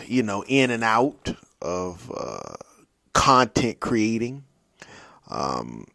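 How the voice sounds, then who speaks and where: A man with a lowish voice hosting a casual solo podcast, talking in a loose, playful, rambling way. He often restarts his sentences and drifts between thoughts. The recording is dry and close, with almost no room sound. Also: dry recording. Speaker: podcast host.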